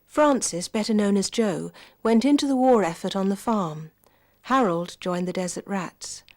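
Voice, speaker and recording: A woman reading scripted documentary narration in a measured, even way. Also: mid-range voice.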